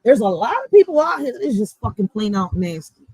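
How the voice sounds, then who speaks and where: A woman's voice: mid-range voice, sing-song, fairly quick, dark tone, breathy edge, no echo, rough recording. A woman with a Philadelphia accent, a block captain ranting bluntly and profanely in a casual vlog. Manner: blunt, profane, fired-up street talk.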